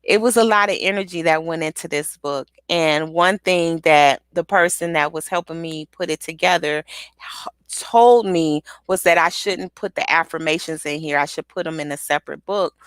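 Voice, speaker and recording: A woman giving an energetic motivational pep talk, repeating affirmations with rhythmic call-and-response. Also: low-pitched, moderate pace, clear, resonant tone, no echo. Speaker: motivational speaker and author.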